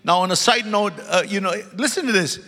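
High-voiced preacher in an echoing church. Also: male voice, a little fast, pushed and bright. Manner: emphatic, repeats key words, calls to the congregation; joking asides. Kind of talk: sermon. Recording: long hall reverb.

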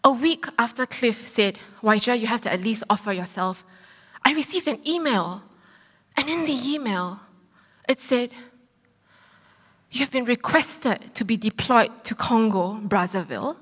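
A woman in her thirties preaching, telling a personal story with lively acted-out quotes. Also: a little high, measured pace, breathy edge. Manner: animated storytelling, acts out quotes. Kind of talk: sermon testimony. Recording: long hall reverb.

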